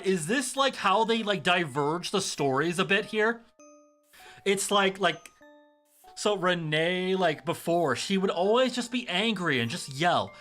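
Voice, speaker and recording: Man with sore throat, chatty streamer, bright voice, filler words, faint music behind. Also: sits high, lively intonation, measured pace. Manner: chatty, filler-heavy, swears. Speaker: streamer playing a story game. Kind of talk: casual game commentary.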